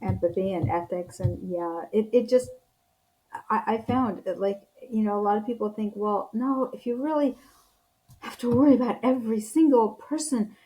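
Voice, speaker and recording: Woman guest, leadership coach; mellow, soft-toned, earnest, encouraging, lots of "um" and "you know". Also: mid-range voice, moderate pace, poor audio. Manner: earnest, encouraging, with frequent fillers and restarts. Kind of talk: casual interview chat.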